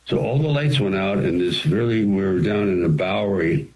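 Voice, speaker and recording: A man, an actor and screenwriter, telling studio stories as an interview guest in an animated way, with frequent restarts. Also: low-pitched, a little fast, rough recording. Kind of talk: anecdotal storytelling.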